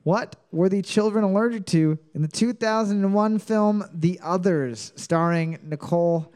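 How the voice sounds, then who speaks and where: A man with a high voice hosts a casual trivia quiz. He reads each question twice, then cracks jokes and laughs between rounds. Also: moderate pace, darkish tone. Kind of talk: joking trivia quiz banter.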